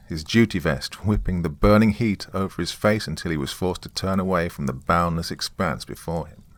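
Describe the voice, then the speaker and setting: A man's voice: sits low, a bit bright. A man reading a horror novel aloud, with grave, dramatic scripted narration. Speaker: audiobook narrator.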